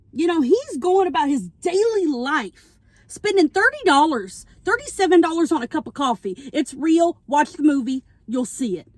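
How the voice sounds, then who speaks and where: A young woman vlogger in her parked car, recapping a movie plot in an animated, chatty way while she eats, and she keeps checking in with "okay?". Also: sits high, no echo. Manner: talking while eating.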